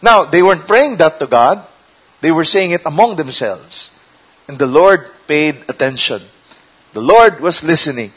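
A man's voice: a little high, animated, measured pace, a bit bright, husky, poor audio. A man preaching a conversational sermon, dropping into Tagalog asides.

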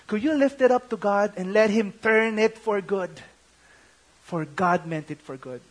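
High-voiced Filipino pastor preaching passionately. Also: male voice, unhurried. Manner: switches between English and Tagalog, swinging from shouts to hushed tones. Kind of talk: sermon.

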